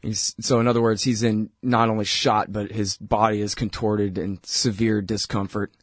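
A man's voice: on the low side, little pitch movement, moderate pace, no room sound. Male talk radio host, blunt and heated, chatty with fillers, dry close sound. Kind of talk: opinionated political commentary.

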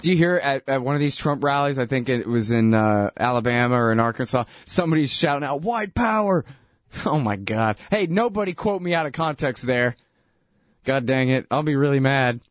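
Here a man delivers loose, mocking political commentary at a brisk clip, his mid-range voice expressive as he chuckles at his own jokes. Fillers abound, especially "dude" and "man," and the studio-quality audio carries no echo.

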